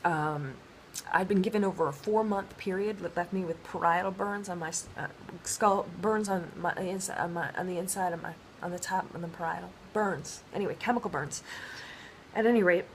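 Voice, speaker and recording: A woman with a lowish, gravelly voice tells a rambling personal story. She speaks haltingly, stumbling over restarts and fillers. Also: a little hiss or hum.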